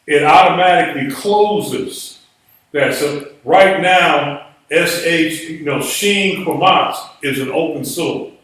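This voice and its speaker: Slow, patient man teaching in an echoey room. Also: fairly high pitch, a bit bright. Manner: spells words out letter by letter, patient explaining. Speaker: Biblical Hebrew teacher. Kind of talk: classroom lecture. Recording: echoey room, voice far from mic.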